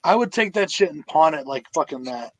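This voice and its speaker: A man's voice: fairly high pitch, expressive, a little fast, a loud crowd. A man hosting a live podcast, chatting casually and crudely with lots of swearing. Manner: crude, swears freely, laughs often. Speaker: podcast host.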